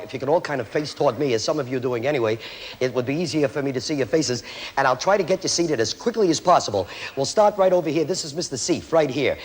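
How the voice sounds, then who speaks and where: A man performing a memory act on a TV magic show, joking with the studio audience as he calls out names one after another. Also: fairly high pitch. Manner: brisk, joking, rattles off names. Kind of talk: stage patter to a studio audience.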